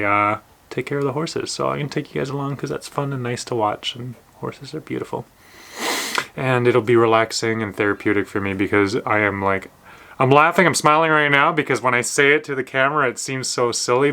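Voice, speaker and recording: A man's voice: fairly low pitch, sharp tone. A man rambling to his camera as he vlogs casually outdoors, stopping and restarting and laughing at his own troubles. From Canada. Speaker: vlogger living on a boat. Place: outdoors on the water and at a horse paddock. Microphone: camera mic.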